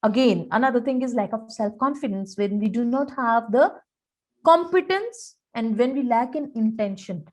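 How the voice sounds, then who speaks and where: A professor with an Indian accent leads a personality-development training webinar, earnest and emphatic. She acts out examples in dialogue, her voice a little high and animated at normal speed.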